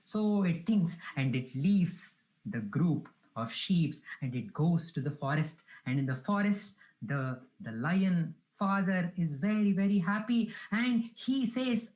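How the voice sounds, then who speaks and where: A woman gives a devotional talk at a spiritual gathering. She tells a parable in an earnest, reverent way. Her voice sits slightly low for a woman. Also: expressive, slow pace, mellow, rough recording. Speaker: spiritual speaker.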